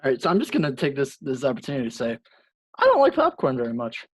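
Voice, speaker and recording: A young man co-hosts a casual podcast, talking with a slightly husky, breathy voice. He laughs often and swears freely as he tells stories. The sound is dry and close, with no room around it. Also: medium pitch, wildly swooping pitch, fast, dry recording, poor audio. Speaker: podcast co-host. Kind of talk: casual chat.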